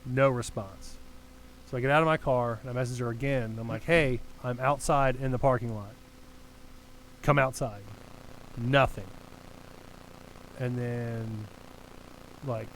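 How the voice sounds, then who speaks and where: A man's voice: medium pitch, slight background noise, poor audio. A young man telling a long story in casual podcast chat, rambling and swearing as he goes. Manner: rambling, profane, animated storyteller. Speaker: podcast co-host.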